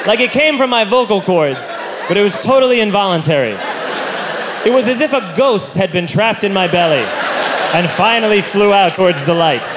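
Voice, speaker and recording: A man doing a stand-up comedy routine on stage, telling a self-mocking story with loud outbursts into a handheld mic. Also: high-pitched, animated, normal speed, over a noisy crowd, very noisy. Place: comedy stage before an audience. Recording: live comedy show with audience laughter.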